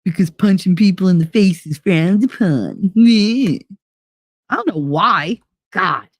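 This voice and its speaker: A woman's voice: lowish voice, lively intonation, takes it slowly, no room sound. A middle-aged woman hosting a casual live stream, talking candidly and profanely, laughing often and acting out voices of people she quotes. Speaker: livestream host.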